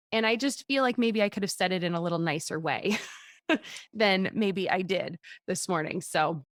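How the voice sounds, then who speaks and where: A woman's voice: medium pitch, expressive, a little fast, fairly bright tone, dry recording, clean studio sound. A woman hosting a podcast, chatty and casual, laughing often. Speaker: podcast host. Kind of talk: casual chat.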